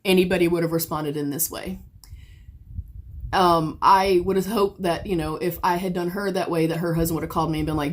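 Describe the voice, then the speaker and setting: A woman talks straight to the camera while getting ready, upset and near tears. Her voice sits at an ordinary middle pitch. She swears constantly and swings between hushed, shaky stretches and sharp loud bursts. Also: expressive, fairly quick. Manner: heavy swearing, swings from quiet to sudden loud outbursts. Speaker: beauty vlogger. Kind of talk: emotional get-ready-with-me storytelling.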